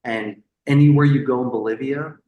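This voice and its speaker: A man on a podcast, telling a story in a casual, animated way. He swears freely, repeats words and acts out the people he quotes. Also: medium pitch, moderate pace, roomy sound, narrow, tinny audio, slight background noise. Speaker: podcast guest.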